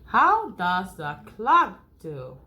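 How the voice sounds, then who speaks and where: A woman teacher reading a picture book aloud to first graders, slow and encouraging, acting out each sound. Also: mid-range voice, huge pitch swings, pushed and bright.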